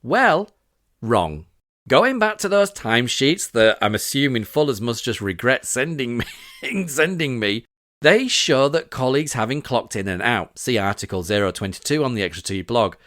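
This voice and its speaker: Man, from Britain, podcast host, scripted monologue, sarcastic, very expressive pitch. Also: a little fast, few pauses, dry recording, clean studio sound. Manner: sarcastic, indignant, reading out quotes.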